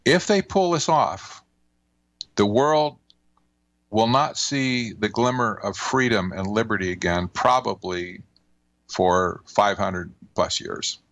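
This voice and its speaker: An older man talking as a guest author in a radio interview, measured and emphatic, with folksy turns of phrase. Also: on the low side, a bit bright, no room sound.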